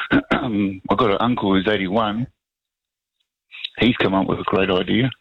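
A raspy man, phoning in to a talkback radio show and talking haltingly with many restarts. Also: on the low side, fairly even intonation, no echo. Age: 60s. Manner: halting, restarts often, rambling. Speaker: caller. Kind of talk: talkback phone call. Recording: muffled phone line.

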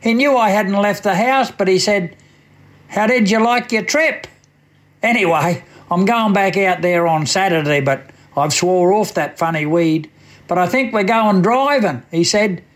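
A man with an Australian accent recites a comic bush poem in a high voice for radio. He tells it in a dry, drawling storyteller's way. His voice sits well above most men's. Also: unhurried, fairly bright tone. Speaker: radio poet.

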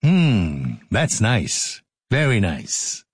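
A man's voice: lowish voice, huge pitch swings, extremely slow, husky, no echo. A man hosting a radio show in a studio, joking and laughing through outtakes and stories, sometimes slipping into a sing-song voice. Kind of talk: playful studio banter and storytelling.

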